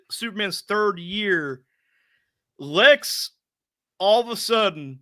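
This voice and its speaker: A man's voice: a little high, sharp tone. A man co-hosting a casual movie review podcast, rambling with many fillers. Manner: rambling, heavy on fillers like 'like'. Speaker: podcast co-host.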